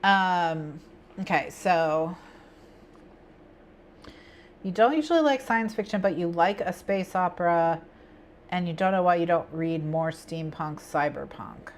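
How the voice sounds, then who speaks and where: A woman's voice: on the low side, a little slow, long pauses, a little hiss or hum. A woman hosting a casual craft stream, thinking aloud and chatting with viewers in a rambling way. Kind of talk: casual chat with viewers while planning.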